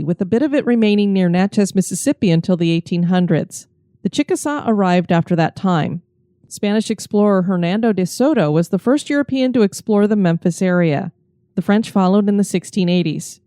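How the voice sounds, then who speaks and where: A woman co-hosting a podcast, giving a steady, informative scripted history narration. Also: mid-range voice, no room sound, studio quality. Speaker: podcast co-host.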